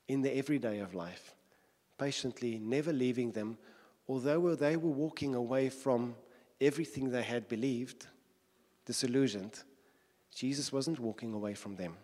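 Earnest preacher in a reverberant hall. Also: male voice, mid-range voice, a little mellow. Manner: earnest, repetitive, builds with rhetorical questions. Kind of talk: sermon.

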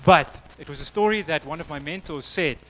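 A man's voice: on the high side, a little fast, sharp tone, slight background noise, poor audio. A man preaching a sermon, telling a story in a conversational way before moving to prayer. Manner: storytelling, conversational with acted quotes.

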